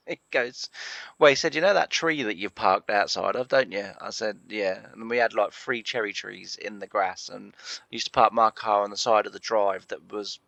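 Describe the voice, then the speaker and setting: A man's voice: lowish voice, normal speed, vocal fry, a bit bright, no echo, dull audio. A man, host of a farming game channel, chatting through a long rambling anecdote with lots of fillers and chuckles while he plays. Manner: chatty, full of fillers, laughs at his own story.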